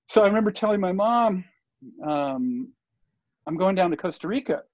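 A man's voice: high voice, expressive, moderate pace, no room sound. An older man, a guest on an interview show, telling a story in a loose, rambling way with lots of fillers and restarts. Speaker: interview guest, surf TV producer. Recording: dull lo-fi dry recording.

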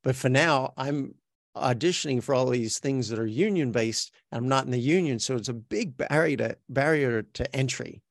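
A man's voice: mid-range voice, normal speed, creaky, no echo, clean studio sound. A man with an Australian accent, talking as an interview guest in a chatty, self-reflective way, often restarting his sentences. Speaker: guest, actor. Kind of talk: podcast interview.

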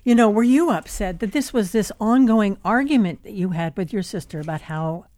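A woman's voice: mid-range voice, fairly quick, warm tone. A woman interviewing an author in a conversational way, asking probing questions. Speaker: radio interviewer.

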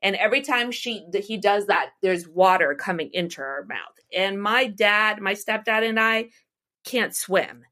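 A middle-aged American woman who works as an astrologer and psychic medium tells personal stories in a casual interview, rambling along with restarts and laughter. Her mid-range voice is animated, unhurried, pushed and bright.

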